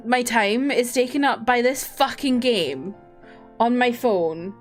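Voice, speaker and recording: A woman's voice: a little high, slow, soft background music. A tired young woman streamer chatting casually and rambling, often breaking into laughs.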